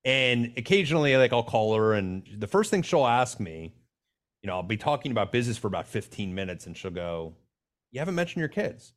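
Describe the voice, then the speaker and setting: A man's voice: on the low side, animated, a little fast. A man guest on an interview podcast, a financial advisor, talking frankly in anecdotes and putting on other people's words as he tells them. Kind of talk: casual conversational interview.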